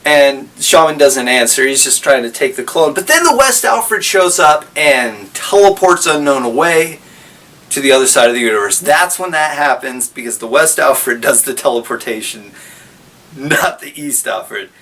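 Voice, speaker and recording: A man's voice: medium pitch, animated, moderate pace, fairly bright tone. Rambling male storyteller, distant mic. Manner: rambling, self-correcting. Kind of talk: casual story recap.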